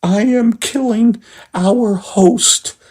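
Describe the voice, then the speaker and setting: A man voicing Margaret, a fussy, emotional woman, in a high, melodramatic sketch voice. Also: very slow, darkish tone, heavily acted. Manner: high, fluttery and melodramatic, with rising swoops.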